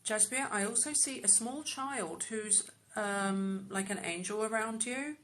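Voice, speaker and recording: A woman doing a live-stream psychic reading into a phone, murmuring repeated phrases with many soft ums. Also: mid-range voice, measured pace.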